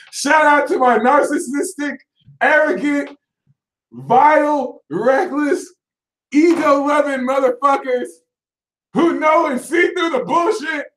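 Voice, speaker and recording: A high-pitched man talks into an echoey room, hosting an astrology stream with an animated, ranting delivery. He drops to low mutters, then breaks into loud shouts. He mocks other signs in put-on voices. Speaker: astrology channel host. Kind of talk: animated livestream rant.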